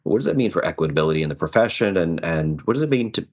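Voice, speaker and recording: Male podcast host with an extremely deep voice, friendly and encouraging interviewer. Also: lively intonation, racing, a little mellow, highs cut off. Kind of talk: podcast conversation.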